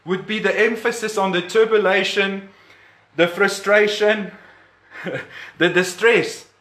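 A man's voice: sits high, a bit bright, roomy sound. A man preaching a sermon, emphatic, repeating key words and chuckling between points.

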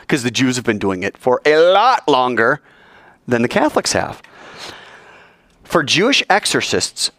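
A man delivers a sermon in a lively, animated voice whose pitch swings widely. He jokes and acts out scenes, and his voice is recorded close and dry. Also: no room sound. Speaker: preacher.

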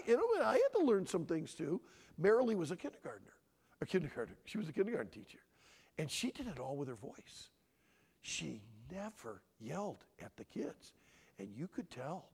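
A middle-aged man preaches to a conference crowd, his voice fairly high and climbing and dipping with lively inflection. He swings between loud emphatic bursts and hushed, almost whispered confessions. The sound carries a long hall reverb. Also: normal speed. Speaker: conference speaker on parenting. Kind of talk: preaching-style talk.

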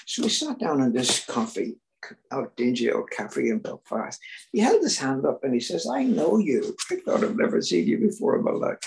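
Older Northern Irish man, gravelly testimony. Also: medium pitch, sing-song, normal speed, a little hiss or hum, low-quality recording. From Northern Ireland. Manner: earnest storytelling that swings between loud emphasis and near-whispers. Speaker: recovery meeting speaker. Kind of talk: personal testimony.

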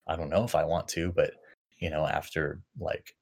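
A man with a very deep, low voice talks through a personal memory in a loose, unscripted way. He circles back, restarts sentences and leans on lots of filler words as he thinks aloud. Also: level tone, vocal fry, breathy edge. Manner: halting, full of fillers and restarts. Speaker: podcast co-host. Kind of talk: casual reflective chat.

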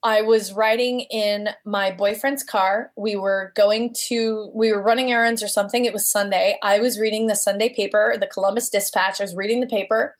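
A woman's voice: mid-range voice, moderate pace, hardly any pauses. A woman guest telling a personal story casually, acting out the voices she quotes. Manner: animated, acts out quoted voices.

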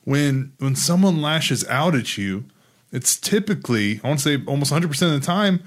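A man talking about faith in an earnest way, growing excited and lively as he speaks. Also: on the high side, moderate pace. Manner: earnest, gets excited and animated. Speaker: Christian teacher. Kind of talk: casual faith discussion.

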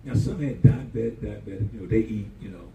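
A man's voice: lowish voice, fast talker, creaky, warm tone, dull audio. A man preaching as a pastor, telling stories with humor, folksy phrasing and call-and-response. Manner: folksy, uses "y'all". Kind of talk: sermon. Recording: echoey room, voice from a distance, audible background noise.

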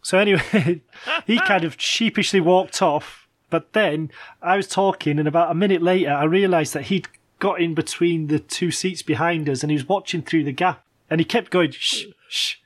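A man's voice: a little high, moderate pace. A middle-aged man telling anecdotes in casual chat, hesitant with many fillers and laughing as he goes.

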